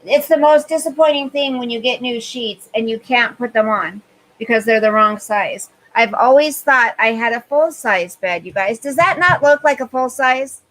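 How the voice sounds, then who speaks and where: A woman's voice: on the high side, moderate pace, fairly bright tone, poor audio. A woman hosting a casual live stream, overheated and sweaty, chatting as she reads viewer comments aloud and answers them. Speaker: livestream host.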